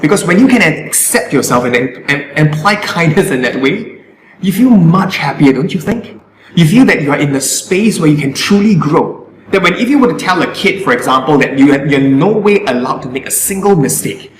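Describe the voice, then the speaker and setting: Man, speaking coach, earnest, repeats words, live Q&A, mid pitch, roomy sound. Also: fairly bright tone, a little hiss or hum. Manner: earnest, repeats words while finding phrasing. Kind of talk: live stream Q&A.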